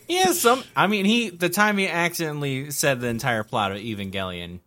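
A man's voice: fairly high pitch, sing-song, brisk, bright, forceful tone. A man co-hosting a podcast who chips in with incredulous jokes in casual chat. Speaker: podcast co-host.

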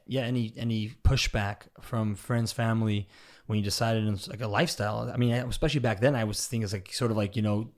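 A man's voice: on the low side, steady tone, darkish tone. Chatty male interviewer full of fillers. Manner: chatty, loose phrasing with many fillers and quick agreement. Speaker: host, interviewer. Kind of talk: casual interview chat.

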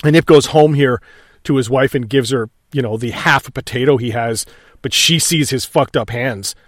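A man's voice: mid-range voice, normal speed, no room sound, studio quality. A man eagerly walking through film scenes in a casual commentary, cursing and laughing along. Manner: enthusiastic, crude, narrates scenes and acts out lines. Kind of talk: casual movie commentary chat.

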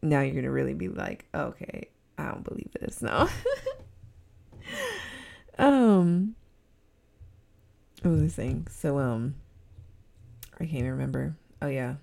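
A young woman hosting her own podcast, rambling in a casual solo chat and breaking often into loud giggly laughter. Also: very deep voice, expressive, slow pace, gravelly, long pauses. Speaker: podcast host.

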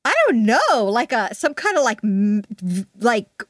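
A woman co-hosting a podcast in casual chat, reacting with animated exclamations. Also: fairly high pitch, a little slow, dry recording, studio quality. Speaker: podcast co-host.

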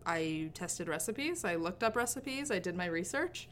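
A woman's voice: fairly low pitch, lively intonation, normal speed, fairly bright tone, slight background noise. A woman guest who owns a restaurant, explaining her craft in a matter-of-fact way during a casual interview.

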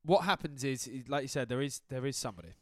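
A man's voice: medium pitch, expressive, fast talker, fairly bright tone, no room sound, studio quality. A man co-hosting a podcast, chatting about football in a casual, sweary, joking way. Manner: swearing, laughing banter. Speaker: podcast co-host.

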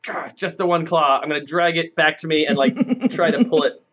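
Man, tabletop player, hesitant, fillers, slightly high pitch. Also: fairly quick, a bit bright, lo-fi sound. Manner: hesitant, many fillers and restarts. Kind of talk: tabletop role-play.

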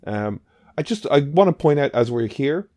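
A man's voice: on the high side, expressive, moderate pace, warm tone, no echo. A man co-hosting a podcast, chatting casually about a film in a rambling, emphatic way with the odd swear. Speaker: podcast co-host. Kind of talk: casual film review chat.

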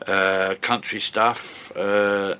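A man, a musician being interviewed, telling stories in a chatty, halting way. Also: lowish voice, level tone, bright, forceful tone, clean tone. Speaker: musician guest. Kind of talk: conversational interview. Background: guitar music.

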